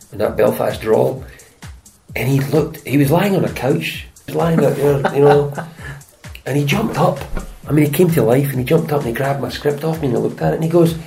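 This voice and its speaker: Gravelly Scottish man telling stories. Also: medium pitch, rough recording. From Scotland. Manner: chatty, lively anecdotes with put-on voices. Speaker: actor and stuntman guest. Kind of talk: casual interview storytelling.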